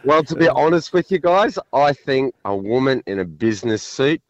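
A man's voice: medium pitch, moderate pace, no room sound. A man phoning in to a breakfast radio show, answering frankly and without fuss. His voice comes through a dull, dry phone line. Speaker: caller.

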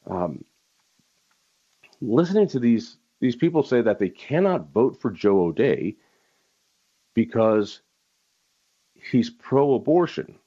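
A man's voice: mid-range voice, very animated, slow pace, pauses often, warm tone, breathy edge, highs cut off. A man hosting a talk radio show, delivering a heated political monologue and stressing key words by repeating them.

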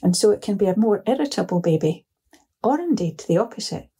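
A woman speaking in an interview with a mellow, warm tone and a slightly breathy, husky texture. She explains in a calm, measured way, at an everyday pitch. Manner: calm, measured, often laughs while telling a story. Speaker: psychotherapist guest. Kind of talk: explanatory interview talk with anecdotes.

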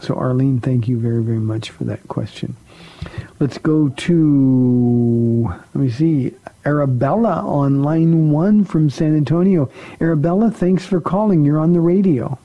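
A man's voice: on the high side, unhurried, highs cut off. A man, a pastor, hosting a radio call-in show and answering Bible questions in a conversational way, often repeating words for emphasis.

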